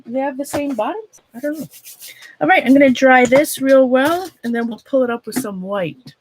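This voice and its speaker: A woman whose voice sits high speaks with a Minnesota accent on poor audio with slight background noise. While working on a craft during her art livestream, she chats casually with viewers. She rambles, breaks off partway through thoughts, and is quick to laugh.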